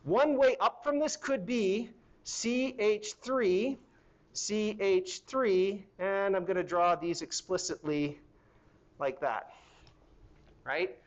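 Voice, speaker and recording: A man's voice: high-pitched, takes it slowly, muffled recording. A middle-aged man teaching a university chemistry lecture in a hall, conversational and asking the class questions as he goes.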